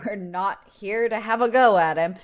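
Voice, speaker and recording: A woman's voice: mid-range voice, normal speed. A woman co-hosting a casual history podcast, swearing freely, teasing and laughing often. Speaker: podcast co-host. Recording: dull lo-fi podcast audio.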